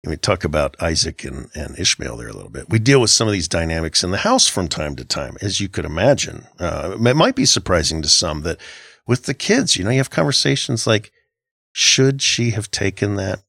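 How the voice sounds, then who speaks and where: A man's voice: low voice, big pitch swings, brisk, vocal fry, a bit bright, slightly rough, no echo, clean studio sound. A middle-aged man co-hosting a casual Christian podcast, talking in an earnest, reflective way with frequent halts and restarts. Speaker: podcast co-host.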